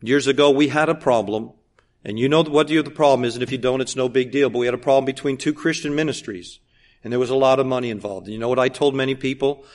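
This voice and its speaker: A man preaching a sermon, emphatic and repetitive, full of rhetorical questions, swinging between loud and hushed. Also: mid-range voice, fast. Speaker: pastor.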